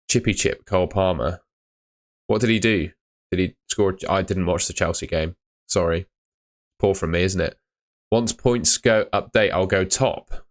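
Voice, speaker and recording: A young man hosting a live fantasy football stream, chatting casually and answering comments. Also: low-pitched. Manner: casual, chatty, uses mate and fillers.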